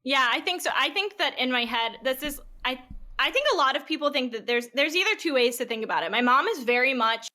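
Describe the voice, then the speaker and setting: A young woman in her twenties, a podcast guest, telling stories in casual chat, bubbly and quick to laugh, with lots of "like". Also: sits high, lively intonation, pushed and bright.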